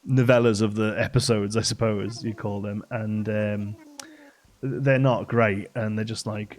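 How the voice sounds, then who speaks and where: A man's voice: fairly low pitch, fairly even intonation, normal speed, a little mellow. A young man chatting casually on a live stream, rambling and enthusiastic, with lots of fillers and restarts.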